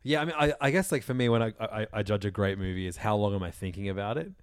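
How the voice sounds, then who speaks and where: Man, podcast host, casual chat, rambling, low pitch, dry close mic. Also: fast, clear, resonant tone, no room sound. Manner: rambling, laughing, restarts often.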